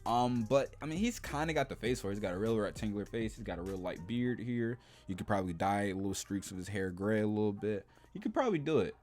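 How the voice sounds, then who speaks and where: Male reaction host, low-pitched, rambling casual delivery, faint music underneath. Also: expressive, quick pace, few pauses, darkish tone. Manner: rambling, hesitant, heavy on "like" and "you know".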